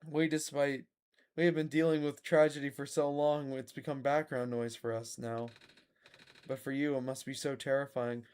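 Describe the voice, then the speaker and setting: A man voicing a gentle, lost child from another world, reading the game dialogue aloud in a soft, subdued way. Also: medium pitch, level tone, moderate pace, clean tone, pitched below the performer's own voice, lightly acted. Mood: sorrowful.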